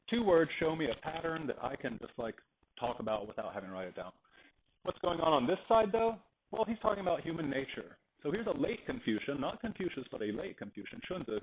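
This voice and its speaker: A man's voice: medium pitch, a little hiss or hum. Male teacher lecturing on a tinny recording. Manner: animated, digressive, acts out anecdotes. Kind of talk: classroom lecture. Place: classroom.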